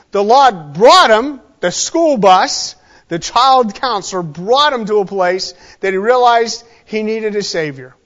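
A man's voice: extremely high pitch, fairly bright tone, highs cut off. A man preaching a sermon in a conversational way, often checking in with his listeners. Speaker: pastor.

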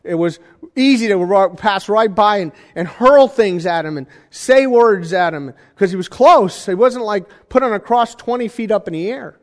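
A man preaching a sermon in a conversational style, with jokey asides and animated emphasis. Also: high voice, normal speed, big-room sound. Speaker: pastor.

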